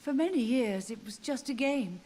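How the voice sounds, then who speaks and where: An actress voicing a grieving elderly mother who softly insists her living son is a ghost, in video game dialogue. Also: a little high, lively intonation, normal speed, a little hiss or hum, close to an everyday voice. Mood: mournful. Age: older. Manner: soft, tender, wistful. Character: grieving elderly mother, gently deluded, haunted. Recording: game audio with loud music behind.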